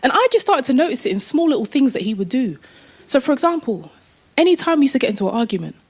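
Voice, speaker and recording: A woman of Jamaican heritage performing a stand-up comedy set, animated and laughing through her lines. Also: sits high, fast. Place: comedy club stage. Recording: live club recording with clear noise.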